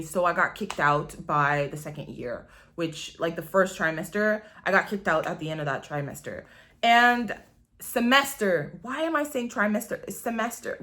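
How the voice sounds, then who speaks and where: In a mid-range voice that comes across pushed and bright, a woman in her 20s vlogs about her own life. Her storytelling is casual and confessional, candid and rambling, full of swearing and "like."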